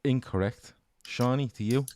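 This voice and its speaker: A man's voice: medium pitch, darkish tone, no echo. A man hosting a casual football quiz podcast, running questions and calling answers right or wrong. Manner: brisk quizmaster, reads questions and scores answers. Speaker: quiz host.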